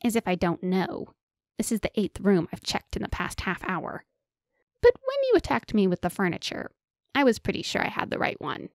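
A woman's voice: medium pitch, wildly swooping pitch, normal speed, creaky, no room sound, clean studio sound. A woman reading the lines of a cheeky, teasing young male enchanter.

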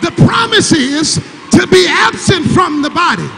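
Man, grieving preacher, very high gravelly whoop, bright edge, long church reverb. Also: lively intonation, unhurried, a faint crowd, slight background noise. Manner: whooping, repeats words and stammers for emphasis; urges the congregation to answer back. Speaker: preacher, son of the late pastor. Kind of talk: call-and-response sermon. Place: large church sanctuary.

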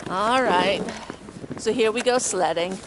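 A woman's voice: medium pitch, takes it slowly. An older woman chatting and giggling as she films her family outdoors on a snowy hill with a handheld camera. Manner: chatty, giggly, frequent laughter. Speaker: vlogger filming her family. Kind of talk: casual home video narration. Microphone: handheld video camera. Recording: noisy outdoor camcorder audio.

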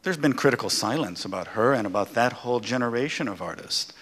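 A man, a scholar moderating a panel discussion, talking in an animated, conversational way. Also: medium pitch, quick pace. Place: lecture hall. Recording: reverberant hall.

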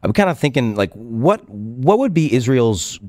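A man's voice: mid-range voice, big pitch swings, measured pace, darkish tone, no echo, studio quality. A man, a co-host and veteran, talking casually in a talk show discussion.

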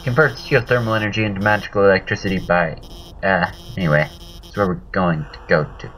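A man voicing a nervous female lizard scientist who stammers through her lines, high and flustered. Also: fairly even intonation, fast, fairly bright tone, a little hiss or hum, poor audio. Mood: excited. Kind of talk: game dialogue voiced by a player.

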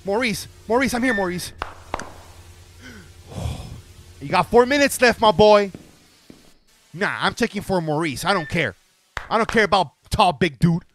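A young man giving let's-play commentary on a game, excitable and profane, yelling and joking as he plays. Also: high voice, a little slow, long pauses, a little hiss or hum. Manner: excitable, profane, yells and jokes. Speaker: gaming video creator. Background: game music.

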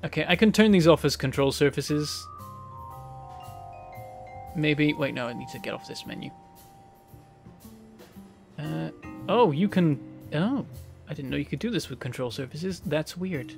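Higher-voiced man streaming a game. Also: lively intonation, measured pace, creaky, pauses often, soft background music. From northern England. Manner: thinks aloud, reading chat, bursts of frustrated exclamations. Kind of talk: live-stream gameplay commentary.

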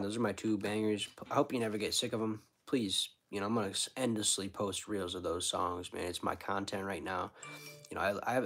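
A man's voice: fairly low pitch, fairly bright tone. A man, a street musician, chatting casually with viewers on a livestream, laid-back and rambling, full of slang like dude and bro.

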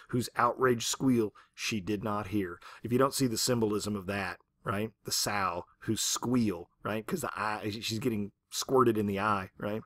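A man with a mid-range voice gives a recorded university lecture on literature, speaking conversationally and repeatedly asking the class "right?" He's animated and acts out quotes, and there's no room sound.

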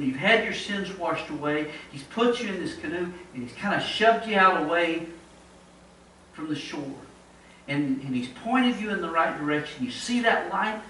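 A man's voice: fairly high pitch, pushed and bright, recorded from a distance, a little hiss or hum. Man preaching in an echoey church. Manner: earnest, repeats words while building a point. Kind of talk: sermon. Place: church sanctuary.

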